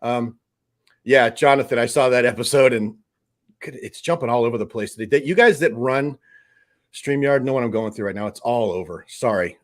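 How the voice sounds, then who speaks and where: A man hosting a live fan stream, reading out chat comments and reacting with excited outbursts. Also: mid-range voice, moderate pace. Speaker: host of a live fan show.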